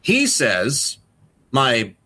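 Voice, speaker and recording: A man's voice: medium pitch, wildly swooping pitch, very slow, pushed and bright. A man co-hosting a casual podcast, rambling and swearing through exasperated rants. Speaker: podcast co-host.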